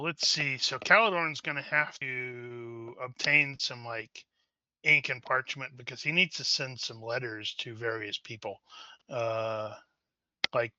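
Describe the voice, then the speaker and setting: A man chats casually as a player at a tabletop game, joking with the table. His voice is very bright and sharp. The sound is dry and dull lo-fi. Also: medium pitch, fairly even intonation, unhurried, dry recording.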